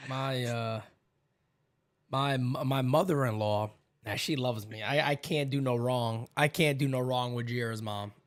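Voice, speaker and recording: A man hosting a casual baseball watch party, telling animated family stories with loud imitations and plenty of swearing. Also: mid-range voice, unhurried, dry recording, studio quality.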